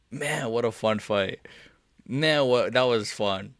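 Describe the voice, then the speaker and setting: A young man reacting live to fights on a stream, excitable and swearing, swinging from mumbling asides to yelling. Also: medium pitch, slow pace, dry recording, studio quality.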